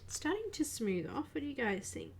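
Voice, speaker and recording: A woman hosting a live coloring stream, murmuring quietly to herself as she works and chatting casually with viewers. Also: sits high, big pitch swings, brisk, gravelly, slight background noise. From Australia. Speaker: livestream host.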